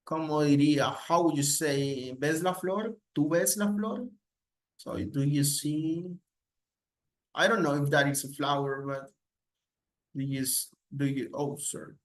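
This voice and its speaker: In a fairly high, steady voice, a little slow, a man walks Spanish speakers through English grammar in a recorded lesson. His example questions are repeated with rising intonation, and he alternates between Spanish and English.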